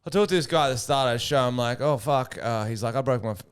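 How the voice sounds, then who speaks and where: A young man, a stand-up comedian, chatting casually on a podcast and telling animated stories. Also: medium pitch, rapid-fire, smooth. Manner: animated storyteller, acts out voices in anecdotes.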